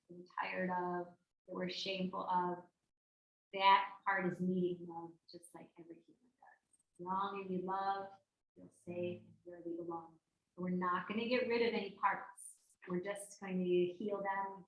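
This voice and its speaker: A woman's voice: medium pitch, fairly bright tone. A woman leading a live workshop, talking conversationally and acting out the voices she quotes. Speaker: workshop presenter. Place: workshop room at a yoga studio. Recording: roomy echo.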